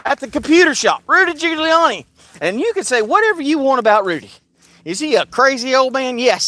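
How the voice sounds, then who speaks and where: A man's voice: high-pitched, pushed and bright. A man delivering a casual, heated monologue as an online commentator, sarcastic and keen on repeating a mocking refrain.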